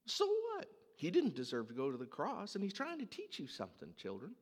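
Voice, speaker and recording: A man preaching a sermon, telling a dramatic story in an animated way. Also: high voice, moderate pace, in a large hall. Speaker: pastor.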